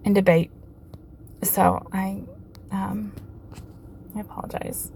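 Woman talking casual and unsure, lots of ums, kinda fry-ish voice. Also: medium pitch, level tone, takes it slowly, pauses often, slight background noise. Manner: hesitant, many ums, soft-spoken. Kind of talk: casual chat.

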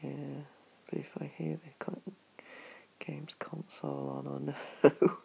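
A person doing a whispered role-play, murmuring softly and sleepily as an unwell partner being cared for. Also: medium pitch, little pitch movement, slow. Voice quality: gravelly creak. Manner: soft, sleepy, affectionate murmuring.

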